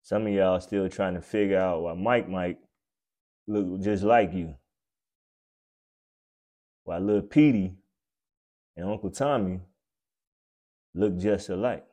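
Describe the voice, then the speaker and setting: A man hosting a podcast, delivering a blunt, profane, preachy comedic rant that swings between loud outbursts and low mutters. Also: slow pace, long pauses. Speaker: podcast host.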